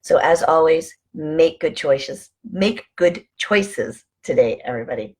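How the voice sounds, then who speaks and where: A woman with a fairly low, strongly breathy and husky voice speaks in a relaxed vlog style. She coaches calmly and encouragingly, talking straight to her viewers. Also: measured pace. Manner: calm, encouraging, coaching listeners through breathing. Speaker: wellness vlogger. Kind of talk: casual motivational talk to camera.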